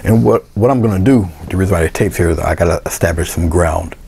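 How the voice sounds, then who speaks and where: A man with a low, gravelly voice gives a casual painting tutorial. He talks through each step in a relaxed way as he works, often half to himself. A faint hiss of noise sits behind him. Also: fast talker. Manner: relaxed, talks to himself while working, thinks aloud. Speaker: painting instructor.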